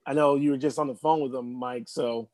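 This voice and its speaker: A man's voice: medium pitch, fairly even intonation, a little fast, a little mellow, dry recording. A man co-hosting a casual podcast, rambling with restarts and the occasional chuckle. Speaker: podcast co-host.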